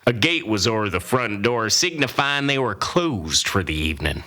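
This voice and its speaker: A man's voice: fairly low pitch, big pitch swings, normal speed, pushed and bright. A man playing a grizzled old cowboy who tells a comic tall tale in a folksy, boastful, rambling way. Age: older. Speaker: storyteller.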